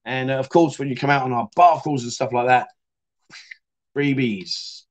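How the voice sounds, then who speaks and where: A man's voice: medium pitch, moderate pace. A middle-aged man hosting a casual livestream chat show, talking matily and reading out viewer comments. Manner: chatty, matey, reads out viewer comments. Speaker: livestream host.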